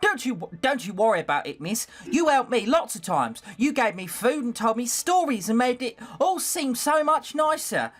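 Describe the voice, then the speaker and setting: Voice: medium pitch, big pitch swings, moderate pace, few pauses, voice pushed up. A streamer voicing an eager, loyal young female scullery maid with a London working-class accent, reading a visual novel aloud. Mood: doting. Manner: doting, reassuring.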